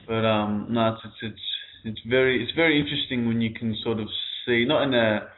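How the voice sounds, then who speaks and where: A man's voice: medium pitch, steady tone, brisk. A man on a panel discussion, speaking in a conversational, questioning way. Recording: tinny phone-like audio.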